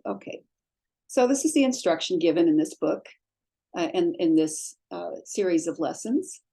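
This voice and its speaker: A woman teaching a beginner's language lesson, pronouncing each sound slowly and carefully. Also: fairly low pitch, dark tone, breathy edge. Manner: slow, careful drawn-out pronunciation of sounds. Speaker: Hebrew teacher. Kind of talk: slow instructional lesson.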